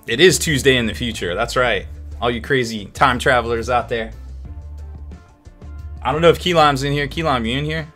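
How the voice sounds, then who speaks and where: A man's voice: mid-range voice, normal speed, pauses often, bright, forceful tone, soft background music. A man hosting a hobby painting show in casual live-stream chat, upbeat and rambling, laughing often.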